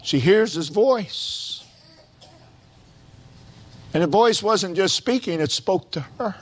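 A man preaching a sermon, quoting scripture slowly and building to loud, stretched-out exclamations. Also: sits high, expressive. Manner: slow, deliberate preaching with quoted scripture.

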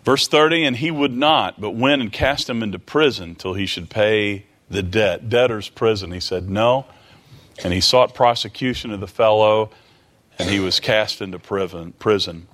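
A man's voice: on the low side, moderate pace, a bit bright. A man preaching a sermon, retelling a scripture story with dramatic pleading quotes and rhetorical questions to his listeners.

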